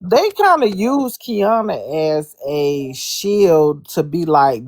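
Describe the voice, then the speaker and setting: Slow, drawn-out woman with low voice. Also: sing-song, no echo, studio quality. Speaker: guest in a live audio chat room. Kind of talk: casual live-stream chat.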